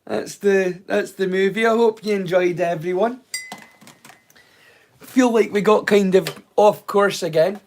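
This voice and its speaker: A man's voice: sits high, unhurried, darkish tone. A man hosting a livestream, chatting casually and rambling with viewers by name. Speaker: streamer and host.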